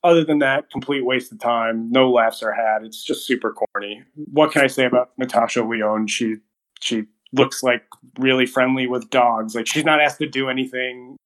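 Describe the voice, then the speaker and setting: A young man chats loosely through a movie review on a podcast. He laughs a lot and puts on little voices for quoted lines, and his voice sits at an ordinary middle pitch. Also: normal speed, low-quality recording. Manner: animated storyteller, acts out quotes, laughs often. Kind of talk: casual chat.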